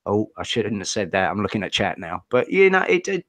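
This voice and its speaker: A man speaking as a guest on a casual livestream, easygoing and soft-spoken, patiently explaining things. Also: on the low side, sing-song, brisk.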